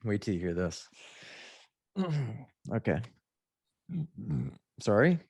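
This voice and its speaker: A man's voice: fairly low pitch, big pitch swings, slow pace, a little mellow, dry recording, studio quality. A man, a mindset coach guesting on a podcast, telling a story casually, laughing and acting out the messages he quotes.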